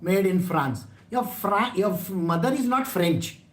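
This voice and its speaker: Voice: mid-range voice, expressive, unhurried, roomy sound. A spiritual teacher giving a scripture talk in a blunt, scolding way, full of rhetorical questions.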